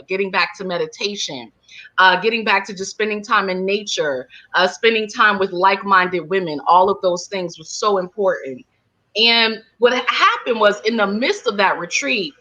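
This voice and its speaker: Bright-voiced woman telling her story. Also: medium pitch. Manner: animated, many fillers like "like" and "you know". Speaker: guest, holistic healer and counselor. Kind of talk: casual interview storytelling. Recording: dull lo-fi sound.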